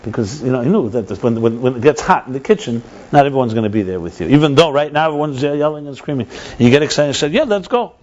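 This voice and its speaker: Animated rabbi teaching a text class. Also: male voice, medium pitch, rapid-fire, few pauses, highs cut off. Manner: animated, repeats and restarts words, mixes in Hebrew terms. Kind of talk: text study lesson.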